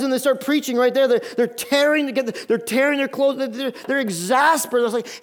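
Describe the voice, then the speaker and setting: A man preaching a sermon as a pastor, animated and often repeating words as he builds emphasis. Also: extremely high pitch, quick pace, few pauses.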